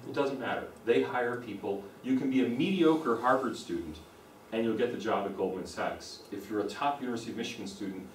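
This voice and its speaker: A man's voice: mid-range voice, brisk, few pauses, recorded from a distance, a little hiss or hum. A man with a plain American accent gives a university lecture, explaining his points and repeating them for emphasis. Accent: General American. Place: lecture room. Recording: roomy echo, speaker away from the mic.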